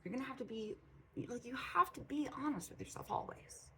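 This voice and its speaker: A woman's voice: sits high, a little fast, fairly bright tone, husky, low-quality recording. A woman giving blunt, profane spiritual advice in a casual monologue, repeating phrases for emphasis. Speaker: spiritual channel host. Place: home room with a cat.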